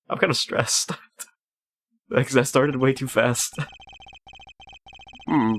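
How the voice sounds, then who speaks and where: A man's voice: medium pitch, steady tone, takes it slowly, long pauses, a bit bright. A man streaming a video game, chatting casually and laughing often between lines. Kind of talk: casual live-stream gameplay chat.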